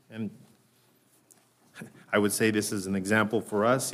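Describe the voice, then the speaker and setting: A man preaching a sermon in a conversational way. He often checks in with "right?", slows down on key words and raises his voice to act out lines. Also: lowish voice, steady tone, a bit bright. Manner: raises his voice when acting out Peter's lines. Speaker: pastor.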